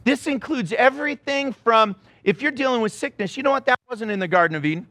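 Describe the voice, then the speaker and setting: A middle-aged man preaching a sermon, telling a story in an animated, self-mocking way and acting out the scenes. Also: extremely high pitch, quick pace, no echo. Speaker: pastor.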